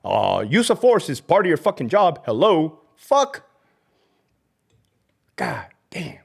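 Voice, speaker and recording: Middle-aged guy ranting on a livestream, cussing a lot, mixing in spanish slang, voice jumping all over, kinda high. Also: very animated, normal speed, vocal fry, slightly rough. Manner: profane, fired-up, mocking, peppered with Spanish slang. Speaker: livestream host, former corrections officer. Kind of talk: heated livestream rant reading chat comments.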